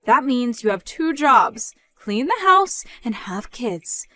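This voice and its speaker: A woman's voice: sing-song, slow pace, dry recording, heavily acted. A woman voicing a scornful, controlling middle-aged mother who mocks and scolds in a dramatized story. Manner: mocking, loud, rising in pitch when scolding.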